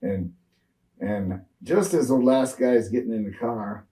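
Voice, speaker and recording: A man's voice: on the low side, measured pace, warm tone, distant mic, rough recording. A man in his sixties, a retired wrestler, rambling through road stories in a shoot interview with lots of fillers and restarts.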